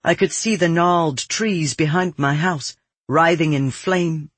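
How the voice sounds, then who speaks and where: A man reading a dark first-person novel aloud in a measured, grim storytelling manner. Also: on the high side, slightly rough, dry recording. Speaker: audiobook narrator. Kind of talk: scripted first-person fiction narration.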